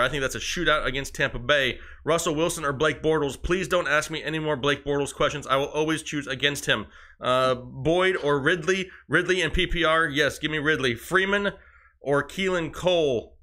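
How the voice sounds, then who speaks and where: A young man co-hosting a live fantasy football stream, rattling off quick verdicts on lineup choices. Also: fairly high pitch, sharp tone. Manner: quick verdicts, breathless run of picks. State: out of breath. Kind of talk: rapid-fire lineup advice on a live stream.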